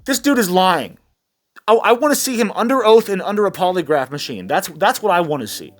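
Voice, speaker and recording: A man's voice: sits high, lively intonation, fairly quick. A man giving sarcastic, mocking reaction commentary, rambling with restarts. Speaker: commentary vlogger.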